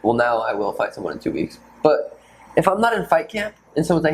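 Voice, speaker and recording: A man in his twenties hosting a casual podcast chat, loose and profane, often slipping into animated impressions. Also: fairly high pitch, brisk, low-quality recording. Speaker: podcast host, fighter.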